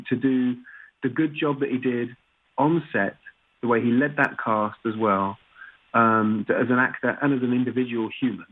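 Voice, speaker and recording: Husky man on a tinny remote line. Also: medium pitch. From Britain. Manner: frequent restarts and "you know" fillers. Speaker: actor guest. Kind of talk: casual interview chat.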